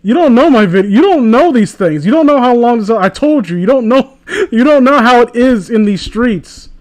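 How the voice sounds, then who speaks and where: A man's voice: extremely high pitch, expressive, normal speed. A man hosting a comedic reading, casual and crude, with sarcastic, mocking asides. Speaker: host reading fan fiction aloud.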